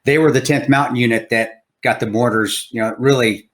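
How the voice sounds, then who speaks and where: A man's voice: medium pitch, steady tone, brisk, fairly bright tone. A man hosting a podcast, chatting casually and encouraging his guest with frequent agreement. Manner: encouraging, frequent yeahs and laughs. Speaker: podcast host. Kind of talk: casual interview chat.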